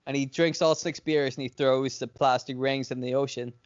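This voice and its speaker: A man with a smooth, clear voice at a middle pitch, rambling through a story on a podcast with plenty of "like"s and swearing. The recording is dry and a little dull. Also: steady tone, moderate pace, no room sound. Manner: rambling, filler-heavy, profane retelling. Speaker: podcast co-host. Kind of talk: casual fantasy-booking storytelling. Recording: dry, slightly dull lo-fi sound.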